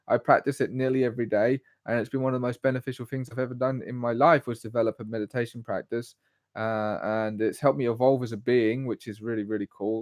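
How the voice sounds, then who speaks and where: A man, talking casually on a solo livestream. He has a mid-pitched voice and drifts off on tangents as he goes. The sound is dry and close. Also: no echo. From England. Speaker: live stream host.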